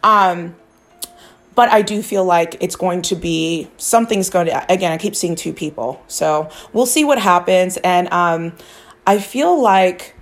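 A woman's voice: lowish voice, a little slow. A woman talking casually to her viewers as a psychic true-crime vlogger, rambling and confiding, with casual swearing and frequent restarts. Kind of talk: casual chat to camera.

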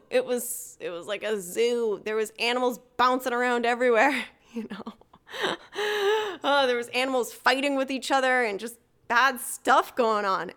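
A woman's voice: on the high side, fairly bright tone. A woman hosting a motivational solo podcast, talking casually, laughing easily and swearing now and then. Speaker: podcast host.

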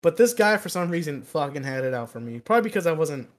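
A man's voice: a little high, fast. Profane young man telling a story. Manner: animated, profane, laughs through the story. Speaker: podcast co-host. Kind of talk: casual storytelling chat.

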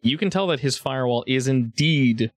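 A man running a tabletop role-playing game as game master, giving quick, playful rulings to his players. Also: mid-range voice, no echo.

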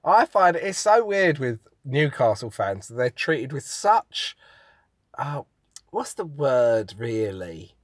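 A man co-hosting a casual comedy chat, telling stories in an animated way. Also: medium pitch, slow, no echo, studio quality. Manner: animated storytelling, laughing. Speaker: podcast co-host, comedian.

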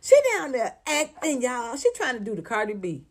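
A woman with a fairly high voice sounds off on celebrity news in a blunt, cussing, sarcastic vlog rant. She keeps firing rhetorical questions at the person she is talking about. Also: lively intonation, moderate pace, fairly bright tone. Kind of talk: heated celebrity gossip commentary.

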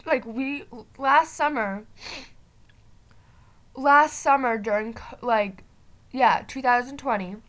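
A woman's voice: high-pitched, slow, long pauses, fairly bright tone. A teenage girl on a video call, telling a story in casual chat with lots of fillers and giggles. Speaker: vlogger.

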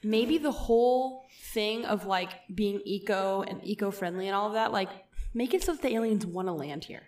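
A woman's voice: mid-range voice, moderate pace, a little mellow. A young woman co-hosting a podcast, chatting in a giggly, playful way with casual swearing. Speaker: podcast co-host. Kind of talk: casual chat. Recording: roomy sound, a bit off-mic.

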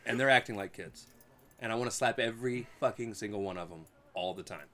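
Male co-host, 30s, bright tone, blunt and opinionated, casual swearing. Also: fairly low pitch, fast talker. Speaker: podcast co-host. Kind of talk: casual chat.

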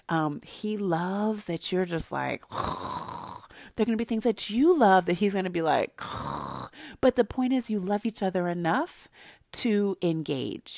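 A woman giving casual, animated marriage advice to wives, telling stories in a chatty way. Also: medium pitch, no echo, studio quality. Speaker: relationship advice speaker.

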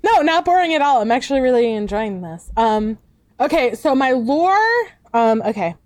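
A woman's voice: fairly high pitch, lively intonation, normal speed, a little mellow, no echo, clean studio sound. A woman guest, a VTuber, chatting casually and rambling with fillers and restarts. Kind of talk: casual chat.

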